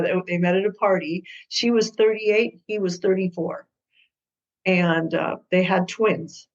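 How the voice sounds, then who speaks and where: A woman guest who works as a co-parenting mediator tells stories in an interview, acting out the people in them with lively, hesitant speech. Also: on the low side. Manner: lively storyteller who acts out quoted people. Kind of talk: storytelling interview answers. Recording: dull lo-fi sound.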